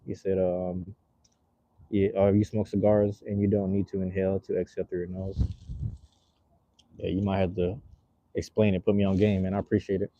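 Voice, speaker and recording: A man's voice: sits low, little pitch movement, moderate pace, pauses often, dark tone, no echo, muffled recording. A man hosting a casual livestream, chatting loosely and reading out viewers' messages, with a rambling, slang-filled manner while smoking a cigar. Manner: laid-back, rambling, reads chat aloud with slang. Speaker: livestream host.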